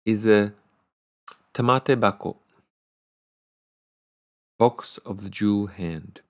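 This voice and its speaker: A man's voice: fairly low pitch, fairly even intonation, slow. Man reading as a sorrowful sea princess. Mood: solemn warning. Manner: soft, pleading.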